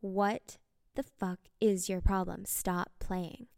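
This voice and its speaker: A woman's voice: mid-range voice, steady tone, slow pace, creaky, darkish tone, dry recording, clean studio sound, long reverb tail. A woman voicing a frightened, angry teenage boy who curses and pleads. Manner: cursing, pleading.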